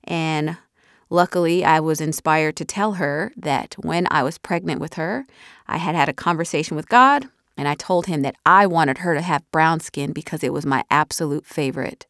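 Woman author, 30s, casual animated chat, lowish voice, dead-dry booth. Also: moderate pace, dry recording. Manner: animated, chatty, drops softly at the ends of thoughts. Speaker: author talking about her audiobook. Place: recording booth. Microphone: studio mic.

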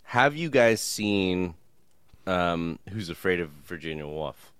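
A man on a podcast who talks slowly, his pitch rising and falling widely. He halts and repeats himself as he searches for words, and the sound is dry and close. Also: expressive, fairly bright tone, clear, resonant tone, no echo. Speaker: podcast co-host. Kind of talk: casual chat.

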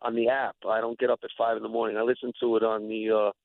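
Gravelly man calling in on phone. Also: lowish voice, flat delivery, quick pace. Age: 40s. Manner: rambling, hesitant, friendly. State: morning voice. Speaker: radio caller. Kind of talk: phoned-in chat. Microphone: telephone. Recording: tinny phone line.

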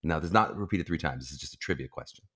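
A man's voice: very deep voice, very fast. A man hosting a podcast quiz game, reading clues in a playful, teasing way. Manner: teasing, animated, bouncy delivery.

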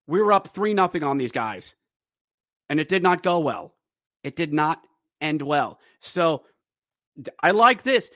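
Podcast host, male, fan recapping hockey, high and lively voice, shouts goals, sarcastic asides. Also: dry recording, clean studio sound. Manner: excitable, shouts goal calls, sarcastic asides. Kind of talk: animated fan game recap.

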